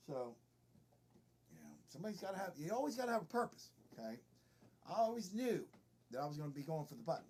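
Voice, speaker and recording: A man's voice: on the high side, wildly swooping pitch, fast talker, long pauses, a little mellow, a little hiss or hum. A middle-aged man doing an improvised comedy monologue, boastful and rambling.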